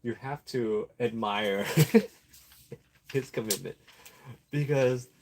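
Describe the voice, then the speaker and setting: A man's voice: medium pitch, slow pace, creaky, a little hiss or hum. A man giving casual spoken commentary, rambling with lots of fillers and restarts, and chuckling often.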